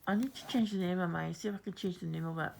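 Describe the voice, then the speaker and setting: A woman's voice: on the low side, rapid-fire, vocal fry, a little hiss or hum. A woman from Scotland with a Fife accent, chatting as she stitches, telling rambling stories with frequent laughs and restarts. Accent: Fife Scottish. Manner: rambling, laughs often, many fillers and restarts. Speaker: cross-stitch vlogger. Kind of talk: chatty storytelling while stitching.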